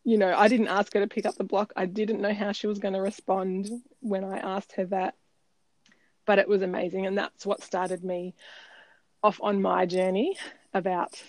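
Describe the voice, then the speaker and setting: A woman's voice: medium pitch, flat delivery, normal speed, a little mellow, no room sound. A woman co-hosting a podcast, telling a personal story in an earnest, reflective way with frequent ums. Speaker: podcast co-host. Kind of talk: casual storytelling chat. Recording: slightly dull dry recording.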